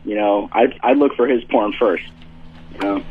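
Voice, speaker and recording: A male caller on a radio show who talks slowly in a laid-back, slightly creepy way. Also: fairly low pitch, slightly rough. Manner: slow, laid-back, a bit creepy-sounding. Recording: phone line.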